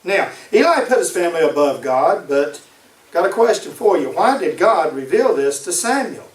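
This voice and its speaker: A man preaches a sermon in a fairly high voice and drives points home by repeating them. He sounds set back from the mic in an echoey room. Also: big pitch swings, moderate pace, recorded from a distance. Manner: emphatic, repeats key phrases.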